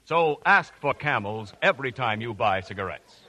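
A man announcing a 1940s radio commercial in a smooth, persuasive sales delivery. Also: medium pitch, lively intonation, moderate pace.

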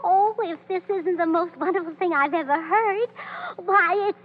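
A woman's voice: very high-pitched, moderate pace. A gushing, scatterbrained young woman. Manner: breathless, gushing, stammering. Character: flighty chattering young woman, easily excited. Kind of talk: 1930s radio acting. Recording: muffled old radio broadcast.

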